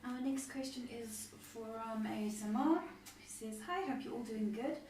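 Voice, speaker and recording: A woman's voice: a little high, measured pace, heavy reverb, recorded from a distance, noisy background. A woman reading viewers' questions aloud on a live advice show, with small hesitations.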